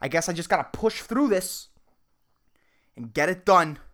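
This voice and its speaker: A young man rants on his solo podcast, angry and profane. His voice leaps up and down with lively swings of pitch. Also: normal speed. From Puerto Rico. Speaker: podcast host.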